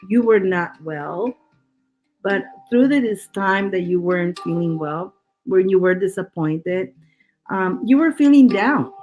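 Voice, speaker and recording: A woman's voice: medium pitch, a little mellow. A woman doing a live-streamed psychic tarot reading, reassuring and chatty, often restarting and repeating words. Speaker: tarot reader.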